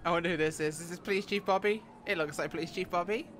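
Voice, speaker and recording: A woman's voice: lowish voice, quick pace, slight background noise. A woman streamer giving giggly, chatty commentary on her own roleplay gameplay. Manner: giggly, chatty asides to viewers.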